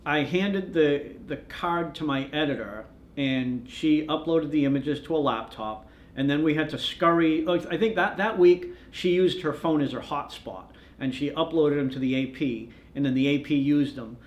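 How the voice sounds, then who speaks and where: A man's voice: a little high, normal speed. A man, a news photographer, telling long stories in a documentary interview and acting out the lines of the people in them. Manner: rambling storyteller who acts out quoted dialogue. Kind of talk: documentary interview, recounting anecdotes. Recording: roomy echo.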